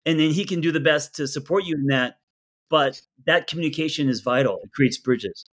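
A man coaching a couple through a therapy session, talking in an earnest, animated way and often repeating words as he starts a thought. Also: fairly high pitch, fairly quick. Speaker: relationship coach.

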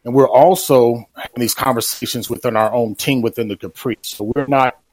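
Measured man explaining on a dry radio line. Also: medium pitch, steady tone, a little mellow, dry recording, rough recording. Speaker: venue manager guest. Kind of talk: radio interview answer.

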